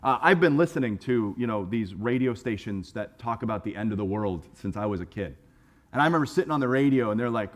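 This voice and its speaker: A man preaching a sermon in a conversational, animated way, acting out voices and often repeating words as he starts a phrase. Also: fairly low pitch, fast talker. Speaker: pastor. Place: church sanctuary.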